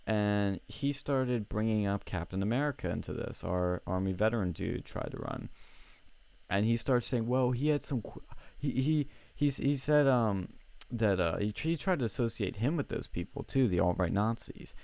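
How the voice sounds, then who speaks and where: A young man tells a heated story in a casual, animated way, swearing often and tripping over his own sentences. His voice sits low. The sound is dry and close, with no room echo. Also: normal speed, gravelly. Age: young adult. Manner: animated, swears freely, many restarts. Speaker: college student telling a story on a show. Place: home.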